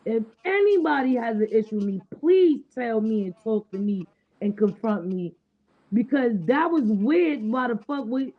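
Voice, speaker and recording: High-voiced blunt woman on a lo-fi stream. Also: animated, moderate pace. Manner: blunt, outspoken, profane. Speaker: livestream host. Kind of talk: casual chat. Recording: dull lo-fi stream audio.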